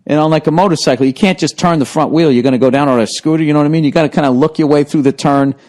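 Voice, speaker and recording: A male podcast host tells a story in casual conversation, swearing a lot and laughing through his own tale. His voice is a little high with a darkish tone, and he talks rapid-fire.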